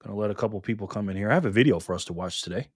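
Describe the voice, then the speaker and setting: A man's voice: fairly low pitch, very fast, slightly rough, dry recording, studio quality. A man hosting a casual live stream, greeting chat viewers by name in a friendly, upbeat way from home. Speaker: livestream host. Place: home room in Las Vegas.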